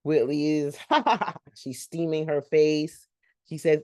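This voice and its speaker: Low-voiced woman rambling through a recap. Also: slow, darkish tone, no room sound, clean studio sound. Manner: chatty, laughing asides. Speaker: host of a reaction channel.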